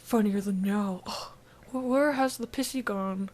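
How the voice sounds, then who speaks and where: A woman's voice: medium pitch, measured pace, a little mellow. A young woman co-hosting a casual gaming podcast, rambling with lots of fillers and giggles. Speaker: podcast co-host.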